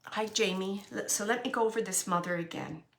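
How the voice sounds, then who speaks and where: Soft-spoken woman giving a spirit reading. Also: mid-range voice, fairly quick, gravelly. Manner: soft, drifting into whispers, musing aloud. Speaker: psychic medium.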